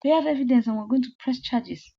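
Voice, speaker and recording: A woman's voice: high-pitched, fast, warm tone. A woman storyteller voices a stern young man making accusations in a firm tone. The recording is slightly muffled.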